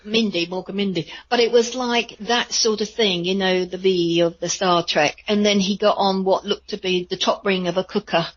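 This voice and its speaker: A woman, a psychic medium, telling chatty, rambling stories in a radio interview with a husky voice. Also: mid-range voice, fairly even intonation, normal speed, few pauses, dull audio. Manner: chatty, rambling with many fillers.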